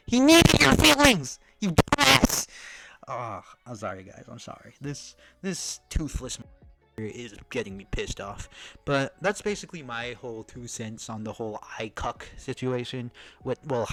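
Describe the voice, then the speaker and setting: A man ranting in a reaction commentary, heated and profane, swinging from shouts to mutters. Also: mid-range voice, low-quality recording. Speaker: commentary streamer.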